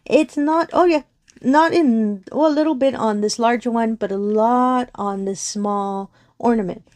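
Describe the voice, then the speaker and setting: A woman's voice: fairly high pitch, measured pace, darkish tone, dry recording. A woman, casually narrating a crafting unboxing, gushing, giggling and often apologizing. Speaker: crafting channel host. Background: crinkling plastic packaging.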